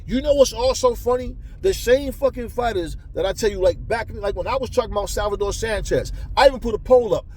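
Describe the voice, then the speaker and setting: A boxing commentator with a high-pitched, slightly mellow male voice delivers a heated, profane rant to his viewers, talking fast with few pauses. He often stumbles and repeats words, and there's slight background noise.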